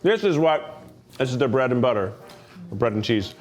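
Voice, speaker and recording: Playful, lively man from Tennessee. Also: mid-range voice, normal speed, faint music behind. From Tennessee, USA. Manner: playful, joking, animated reactions. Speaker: host. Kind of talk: food tasting commentary. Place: office.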